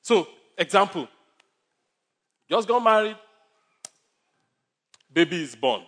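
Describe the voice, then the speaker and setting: A man's voice: high voice, very animated, slow, fairly bright tone. A male pastor preaching a sermon with numbered points, stories and humor.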